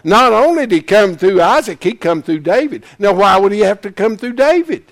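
A man teaching a Bible class in sermon style, folksy and animated, breaking into shouts to press a point. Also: high voice, moderate pace, vocal fry.

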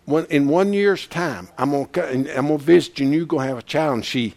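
A man teaching a Bible class in sermon style, folksy and animated, breaking into shouts to press a point. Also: fairly high pitch, quick pace.

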